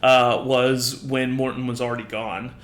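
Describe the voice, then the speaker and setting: A man's voice: medium pitch, little pitch movement, a little slow, a bit bright. A man narrating a tabletop game as game master, casual and often laughing. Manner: casual, laughing, many fillers. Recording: roomy echo.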